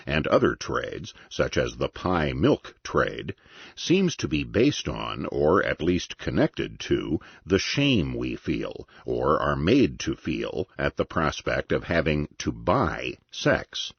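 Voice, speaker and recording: A man reads nonfiction aloud in an extremely deep, gravelly voice with a husky edge. His delivery is measured and deliberate, yet lively in pitch. The recording is dry and muffled. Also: dry recording. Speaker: narrator.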